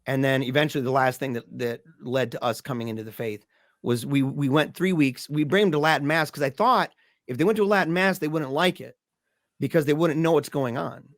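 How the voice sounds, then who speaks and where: A man's voice: medium pitch, brisk, a bit bright, no echo, clean studio sound. A man telling a story as a podcast guest. He talks in a casual way and acts out the voices of the people in his story.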